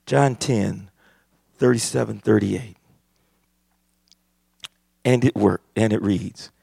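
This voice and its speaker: A man preaching a sermon, impassioned and building to shouts. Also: lowish voice, animated, takes it slowly, creaky, pauses often, breathy edge, no room sound, studio quality. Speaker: pastor.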